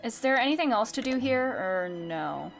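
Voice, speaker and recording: A woman's voice: on the high side, expressive, normal speed, gravelly, faint music behind. A woman streamer giving playful, giggly commentary while playing a game. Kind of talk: let's play commentary.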